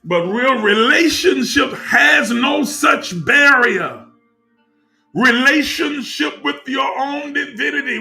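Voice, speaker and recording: A man teaching on the spiritual life in a preaching cadence, repeating phrases and rising to shouts. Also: extremely high pitch, creaky.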